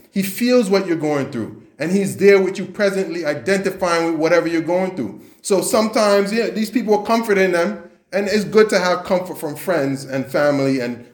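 A man's voice: high voice, reverberant. A man preaching a sermon in an earnest way, often repeating himself and restarting his sentences.

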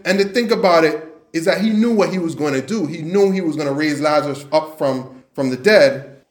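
A man's voice: on the high side, echoey room. A man preaching a sermon in an earnest way, often repeating himself and restarting his sentences.

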